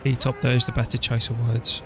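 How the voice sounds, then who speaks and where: A male game streamer of middling pitch, talking casually as he plays and thinking aloud about each move. He laughs easily, and soft music runs quietly behind him. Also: monotone, normal speed. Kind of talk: casual gameplay commentary.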